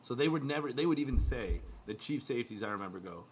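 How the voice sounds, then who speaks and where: A man co-hosting a podcast, chatting casually about crew life and acting out quoted dialogue in lively bits. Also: medium pitch, fast talker, few pauses, a little hiss or hum. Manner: animated, acts out quoted dialogue. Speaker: podcast co-host, former cruise ship youth staff. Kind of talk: casual storytelling chat.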